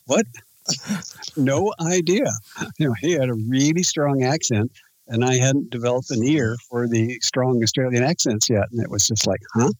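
A man tells an animated anecdote in a casual chat, with a dry, close sound to his voice. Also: mid-range voice, moderate pace, dry recording, rough recording.

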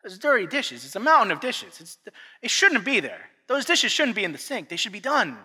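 A man in his thirties delivers a sermon, his high voice swinging up and down as he tells a story. His tone is very bright and sharp. Long reverb from a large church hall trails each phrase. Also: a little fast, slightly rough. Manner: animated storytelling, acting out family dialogue. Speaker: pastor.

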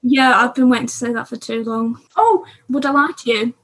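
A woman's voice: on the high side, a little fast, fairly bright tone, breathy edge. A woman co-hosting a casual podcast, chatting about TV shows from her notes. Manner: chatty, reads from notes, self-interrupting. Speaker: podcast co-host.

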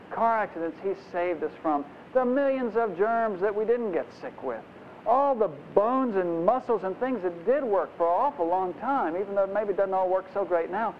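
A man preaching a conversational, animated sermon, acting out the voices in his stories, in a dull lo-fi recording. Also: high voice. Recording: dull lo-fi recording, faint noise.

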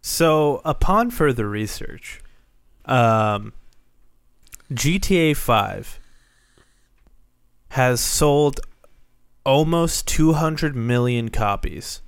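A man co-hosting a podcast, talking in a measured, casual way with short pauses and fillers. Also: mid-range voice, lively intonation, clear, resonant tone, no room sound. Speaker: podcast co-host. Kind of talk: casual chat.

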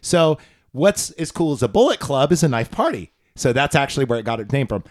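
A man's voice: mid-range voice, big pitch swings, a little fast. A man hosting a podcast, telling rambling, crude, jokey stories in casual chat. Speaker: podcast host.

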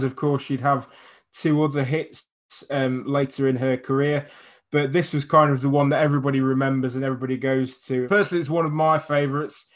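Rambling man in casual podcast chat. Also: a little high. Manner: rambling, many "kind of" and "you know". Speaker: podcast co-host. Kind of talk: casual chat about film music.

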